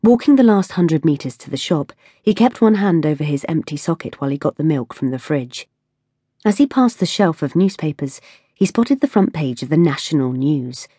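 Low husky woman reading a novel. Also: dark tone, no room sound, studio quality. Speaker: audiobook narrator. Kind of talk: scripted narration.

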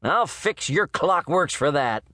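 Narrator doing a gruff frontier wolf hunter, irritable, hollers high and strained, dry close sound. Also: male voice, lively intonation, slow pace, no echo, full character voice. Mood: angry shouting. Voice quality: shouting, raised and strained.

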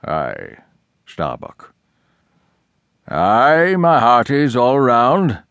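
A man voicing an obsessed old sea captain who rants and shouts in an audiobook. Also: mid-range voice, wildly swooping pitch, extremely slow, clean tone, no room sound, heavily acted. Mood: raging. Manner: ranting, shouting, wildly swinging.

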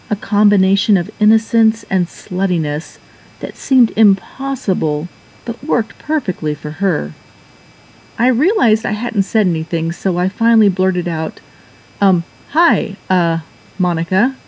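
Husky low-voiced woman narrating an audiobook. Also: mellow, muffled recording. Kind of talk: first-person erotic audiobook narration.

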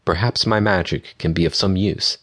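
A man's voice: low-pitched, moderate pace. A man voicing a proud young unicorn filly. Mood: gentle. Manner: gentle voice turning sharp and imperious.

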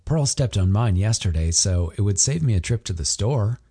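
A man's voice: fairly low pitch, animated, moderate pace, dark tone, husky. A man voicing a nervous young man. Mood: joking. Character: nervous young man, joking then tense. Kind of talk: audiobook character voice.

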